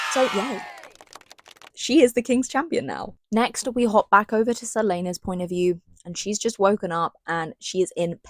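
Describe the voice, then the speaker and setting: A young woman giving an animated, sarcastic and rambling book recap in casual chat. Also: mid-range voice. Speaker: book reviewer.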